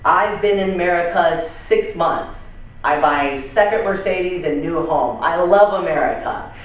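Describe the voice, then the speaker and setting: A man voicing a cheerful, newly arrived immigrant who speaks in halting, clipped broken English, heard from far off in a very echoey room. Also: very high voice, fairly even intonation, fairly bright tone, pitched above the performer's own voice.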